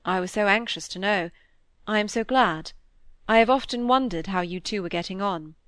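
A woman reading the part of an earnest young Victorian gentleman in an audiobook, measured and sincere. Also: mid-range voice, no echo, studio quality, close to an everyday voice.

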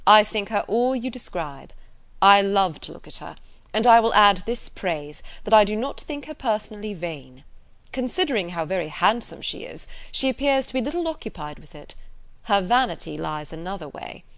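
A frank, serious gentleman of middle age speaks firmly and with measured care, voiced by a woman reading an audiobook. His pitch sits at an ordinary middle height. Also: animated, close to an everyday voice.

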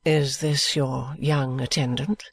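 A woman's voice: steady tone, slightly rough, no echo, heavily acted. A woman voicing a proud, grave noblewoman. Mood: kind. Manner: slow, low and measured. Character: proud aristocratic middle-aged lady, grave and restrained.

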